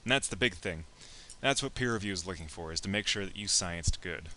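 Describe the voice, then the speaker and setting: A man's voice: low voice, a little fast, bright, forceful tone, slight background noise. A young man teaching a casual, joking lecture on science and engineering, acting out imagined speakers with playful asides.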